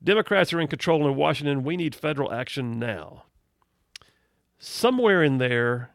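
A man's voice: mid-range voice, creaky, fairly bright tone, no room sound, clean studio sound. A man hosting a political talk show, giving indignant, emphatic commentary and reading out news items. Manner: reads out news headlines. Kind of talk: opinionated commentary.

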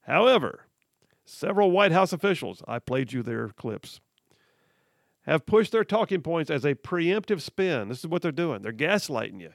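A man's voice: a little high, big pitch swings, normal speed, vocal fry, no echo, studio quality. A man hosting political talk radio, reading headlines aloud and mocking them with frequent laughs. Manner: sarcastic, laughs often, reads headlines aloud. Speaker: radio talk show host.

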